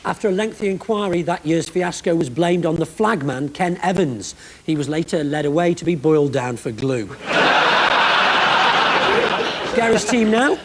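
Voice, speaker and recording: Wry quiz host with a higher voice. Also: male voice, darkish tone, slight background noise. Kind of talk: scripted TV quiz hosting.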